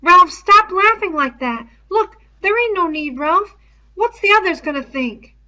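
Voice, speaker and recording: A woman voicing an anxious schoolboy who talks in a shrill, agitated way. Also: animated, a little slow, bright, forceful tone, exaggerated voice.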